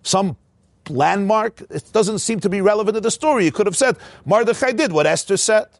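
A man's voice: high-pitched, expressive, a little fast, dry recording. A man giving a Torah study lecture, walking through a text with rhetorical questions. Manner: explains by posing rhetorical questions. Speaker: Torah teacher.

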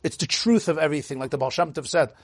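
A man's voice: fairly high pitch, fast talker, breathy edge, no room sound. A man, a rabbi, giving a storytelling sermon in an emphatic, heartfelt way.

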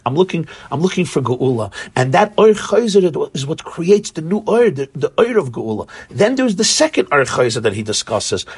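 A man's voice: mid-range voice, slightly rough. A man teaching a Torah class, earnest and searching for words, often restarting phrases as he explains. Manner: earnest, searching for words, acts out quoted voices.

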